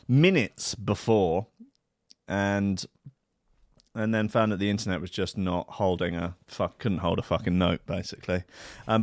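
Man, radio host, low voice, sardonic, swears a lot, rambling, very dry studio sound. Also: dry recording. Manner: sardonic, sweary, meandering, drifts between loud and muttered. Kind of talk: rambling solo radio banter.

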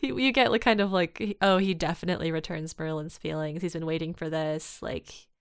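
A woman co-hosting a podcast about fan fiction chats casually, recapping a story and slipping into the characters' lines along the way. Her voice is low and smooth with a steady tone, a little fast, and the recording is dry and close with no room around it.

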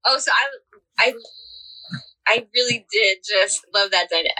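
A woman's voice: medium pitch, normal speed, pushed and bright, poor audio. A young woman co-hosting a podcast, chatting casually about a show in a rambling way with lots of "like". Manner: rambling, many fillers and restarts. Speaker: podcast co-host. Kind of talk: casual chat about a TV series.

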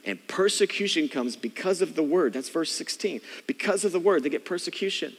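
A man with a high voice preaches to his congregation in a loose, conversational way. He keeps dropping into playful impressions of bored or eager churchgoers. His words ring out with the long reverb of a large church. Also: expressive, a little fast, slightly rough. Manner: conversational preaching, mimics churchgoers' inner thoughts. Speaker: pastor. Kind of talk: sermon.

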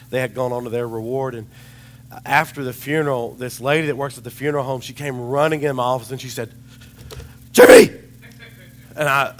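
A man preaching a sermon, with a chatty, rambling storytelling manner and a slightly hoarse voice. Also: mid-range voice, fairly bright tone. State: hoarse, recovering voice.

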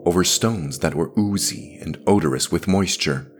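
A man narrating a story aloud in an expressive, measured way. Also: low voice, music in the background. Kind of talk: dramatic audiobook reading.

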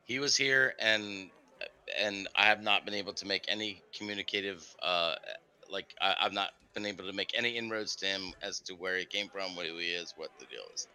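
A man's voice: sits low, brisk, sharp tone, smooth, poor audio. A man playing a tabletop role-playing game, stammering through hesitant explanations. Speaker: player.

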